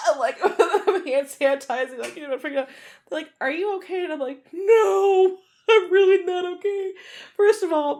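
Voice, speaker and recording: A woman co-hosting a casual podcast, telling stories animatedly with frequent laughter and casual swearing. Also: sits high. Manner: animated storyteller, laughs often, swears freely. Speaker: podcast co-host. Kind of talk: casual chat.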